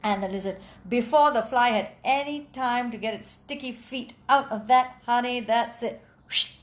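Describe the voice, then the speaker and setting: A woman telling a folk tale aloud in an animated, expressive way, adding sound effects. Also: a little high, normal speed. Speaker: storyteller. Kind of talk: oral storytelling.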